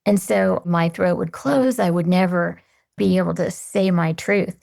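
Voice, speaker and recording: Gravelly-voiced woman podcast guest. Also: lowish voice, darkish tone. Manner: earnest, measured, reflective. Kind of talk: reflective interview answers.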